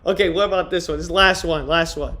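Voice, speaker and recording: High-voiced man trying out jokes. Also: fairly quick. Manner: tries out deadpan stand-up jokes on the chat. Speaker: streamer. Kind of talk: casual livestream chat.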